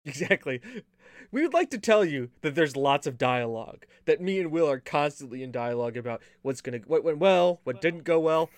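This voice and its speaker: A man's voice: fairly high pitch, expressive, a little fast, no room sound. Joking man co-hosting a gaming podcast. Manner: joking, rambling, lots of puns. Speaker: podcast co-host running the stream. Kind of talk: casual chat.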